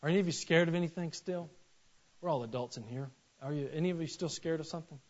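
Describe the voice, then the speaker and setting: A man, preaching a sermon and telling stories with animated acted-out voices. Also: on the high side, fast talker. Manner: animated storytelling, acts out voices in anecdotes. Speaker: pastor. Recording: dull lo-fi sermon recording.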